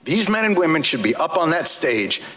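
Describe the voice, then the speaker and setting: A man giving angry, impassioned testimony at a hearing, speaking forcefully and cutting into his listeners. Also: a little high, sing-song, moderate pace. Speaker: advocate testifying before a legislative hearing. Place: large hearing room. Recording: roomy hall echo.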